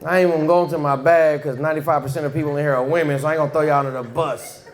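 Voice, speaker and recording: A man's voice: a little high, steady tone, very fast. A man hosting a comedy show, bantering loosely and profanely with the audience between acts. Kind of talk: stand-up hosting. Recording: live club with crowd noise.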